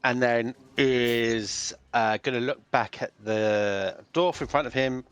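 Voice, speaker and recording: A man's voice: mid-range voice, slow, fairly bright tone, clean tone, dry recording. Hesitant man playing a tabletop game. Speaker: player.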